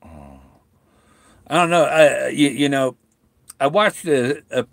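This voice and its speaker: A middle-aged man chatting on a home livestream, halting and full of restarts, talking with a sore mouth after tooth extractions. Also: mid-range voice, creaky, dry recording. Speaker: vlogger talking to live viewers. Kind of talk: rambling casual livestream chat. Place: at home, indoors.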